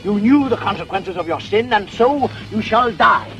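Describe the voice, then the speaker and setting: Melodramatic vengeful husband, very high ranting voice. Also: male voice, lively intonation, normal speed, a bit bright, poor audio. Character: vengeful jealous husband pronouncing doom. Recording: crowd and music behind.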